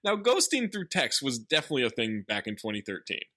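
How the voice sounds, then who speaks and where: A man's voice: medium pitch, sing-song, fast talker, pushed and bright. A young man co-hosting a podcast, recapping a film and reading reviews with sarcastic jokes. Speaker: podcast co-host. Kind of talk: casual comedic movie commentary.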